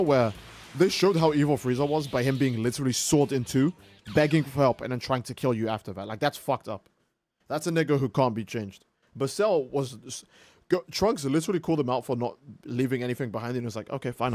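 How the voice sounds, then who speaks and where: A man's voice: mid-range voice, fairly quick, a little mellow, soft background music. Rambling, profane male gaming streamer. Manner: rambling and profane, acting out characters' lines. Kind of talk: casual gaming commentary.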